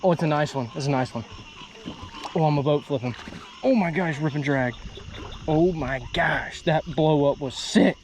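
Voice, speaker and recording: A young man vlogging from a boat on a night fishing trip, excitedly exclaiming as he talks, with crickets behind him outdoors. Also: on the high side, normal speed, pauses often, a little hiss or hum. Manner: excitable, exclaiming, breaks into whoops. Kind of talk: excited outdoor vlog commentary. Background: crickets and insects at night.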